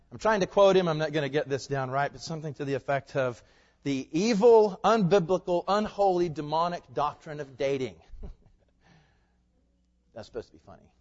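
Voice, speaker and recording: A man preaching a sermon to a congregation, swinging from loud, emphatic peaks to quiet, low asides. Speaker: pastor. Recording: muffled sound in a reverberant hall.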